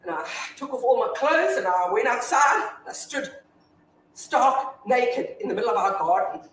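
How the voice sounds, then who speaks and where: An actress playing a grieving, foul-mouthed widow in a staged reading, telling her story from hushed to shouting. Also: on the high side, lively intonation, moderate pace, a little hiss or hum. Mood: defiant. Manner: confessional monologue, swinging from hushed to shouting. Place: theatre stage. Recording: echoey hall from far off.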